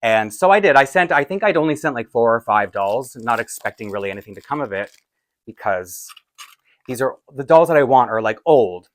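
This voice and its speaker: A man chatting excitedly about his collection, rambling, laughing and correcting himself as he goes. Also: mid-range voice, fairly quick, slight background noise. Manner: rambling, laughs often, restarts and asides. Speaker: doll collector vlogger. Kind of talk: excited casual unboxing chat.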